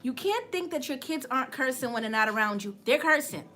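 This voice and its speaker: A woman's voice: high-pitched, animated, a little fast, sharp tone. A woman, hosting a casual livestream, chatting with viewers and laughing often as she tells a story. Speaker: livestream host.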